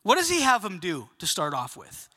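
A man preaching a sermon to his congregation, telling a story with lively asides and questions to the listeners. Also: high voice, normal speed. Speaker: pastor. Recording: long reverb of a large hall.

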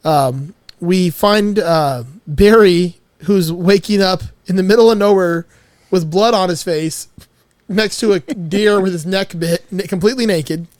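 Podcast co-host, male, high-ish voice, crude laughing movie recap, dry sound. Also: unhurried, a little mellow, no echo. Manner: loose, profane, laughing recap. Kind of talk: casual podcast chat recapping a film.

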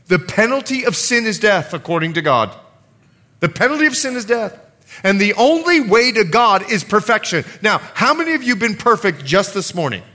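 Lively high-voiced male pastor preaching. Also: moderate pace. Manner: animated, asks the congregation questions. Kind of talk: sermon.

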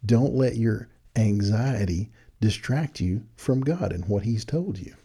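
His voice sits fairly low, mellow and slightly rough, and he keeps a measured pace. He's a Texas podcast host musing casually and folksily at a desk mic with headphones, chuckling at what he says.

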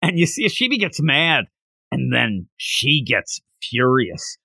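A man talks animatedly through a manga chapter, jumping into characters' voices as he explains. His tone is bright and forceful. The sound is close and dry, with no room echo. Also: medium pitch, slow pace, gravelly. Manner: animated, acts out characters' lines. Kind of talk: casual chat about a manga.

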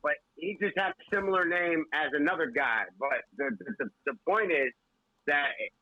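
A man's voice: on the high side, moderate pace, no room sound, dull audio. A man co-hosting a casual podcast, rambling with stammered restarts. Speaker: podcast co-host. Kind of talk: casual banter among friends.

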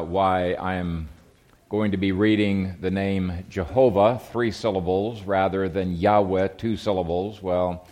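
A man preaching a sermon, talking casually before reading a long Bible passage at a measured pace, with occasional slips and self-corrections. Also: low-pitched, darkish tone. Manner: conversational asides, then measured Bible reading. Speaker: pastor.

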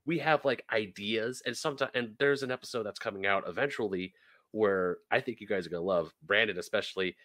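Low-voiced man in dry podcast chat. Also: fairly bright tone, no room sound. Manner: enthusiastic, halting, restarts sentences. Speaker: podcast co-host. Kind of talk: casual chat on a live-streamed podcast.

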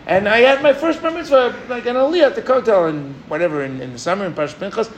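Animated high-voiced man giving a sermon. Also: fast talker, a little hiss or hum. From New York. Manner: storytelling, animated, engages the audience with "right?". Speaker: rabbi. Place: rooftop gathering.

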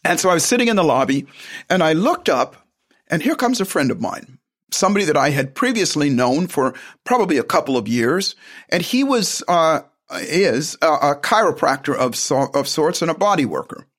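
A man's voice: fairly high pitch, big pitch swings, moderate pace, a bit bright. A man telling a personal story in a casual, rambling way, with frequent restarts and side remarks.

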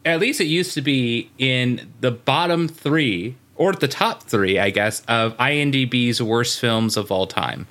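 A man co-hosting a casual podcast, running through trivia with a bright, forceful voice. He piles on asides and filler words as he goes, in relaxed, chatty talk. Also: medium pitch, a little slow, hardly any pauses. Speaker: podcast co-host. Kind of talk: casual chat.

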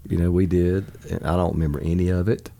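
A man's voice: low-pitched, fairly even intonation, fast talker, gravelly. A man talking casually as a pastor, laughing often and easily moved. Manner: warm, laughs often, gets choked up. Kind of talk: casual chat.

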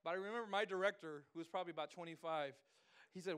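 Animated, high-voiced preacher man. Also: racing, clean tone. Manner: playful, animated preaching with laughter. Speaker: pastor. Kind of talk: sermon.

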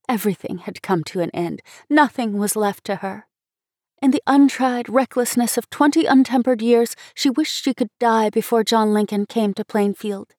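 Expressive woman reading a story. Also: mid-range voice, no echo, clean studio sound. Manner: expressive, measured. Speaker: story reader. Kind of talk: storybook narration.

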